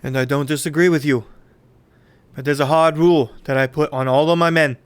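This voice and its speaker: A man's voice: a little high, fairly even intonation, clean tone, close to an everyday voice. A man, the game master, playing a volatile male crime boss who talks bluntly, swears, and threatens. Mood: stern. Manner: blunt, menacing, quick to swear.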